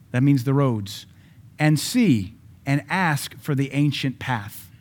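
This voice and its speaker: Man, pastor, sermon, loud high peaks, quiet quick asides, slow stressed scripture reading. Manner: reads scripture slowly with emphasis.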